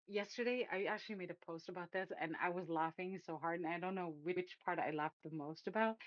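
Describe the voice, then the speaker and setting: A woman's voice: fairly low pitch, no echo. A woman from Sweden, chatting casually and mocking the news with a giggle, heard over a dull lo-fi call. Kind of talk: casual geopolitical chat.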